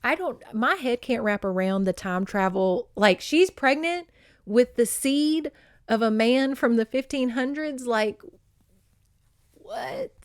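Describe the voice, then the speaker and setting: Excitable, profane woman podcast host. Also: on the high side, measured pace, clean tone, dry recording, clean studio sound. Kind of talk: casual book recap with read-aloud passages.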